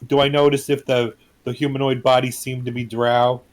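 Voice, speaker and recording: A man at a tabletop game who chats casually, jokes, and explains his character's moves. His voice is mid-pitched. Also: flat delivery, normal speed. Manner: joking, chatty. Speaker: player.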